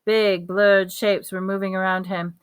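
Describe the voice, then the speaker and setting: A woman reading a novel aloud at a steady pace, with small slips and restarts. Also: mid-range voice, unhurried, clean tone. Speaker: audiobook reader.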